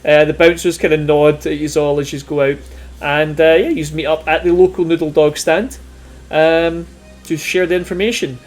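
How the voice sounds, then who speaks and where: A man narrating as game master of a tabletop role-playing game, talking in a relaxed, rambling way with lots of fillers. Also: fairly high pitch, normal speed, soft background music. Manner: laid-back, rambling, with many fillers and laughs.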